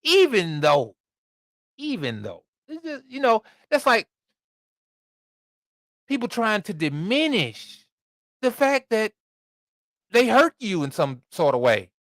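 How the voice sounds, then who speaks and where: A man hosting a podcast, reading scripture aloud and preaching in an animated, conversational way with asides to his listeners. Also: high voice, takes it slowly, pauses often, no echo, studio quality. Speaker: podcast host and Bible teacher.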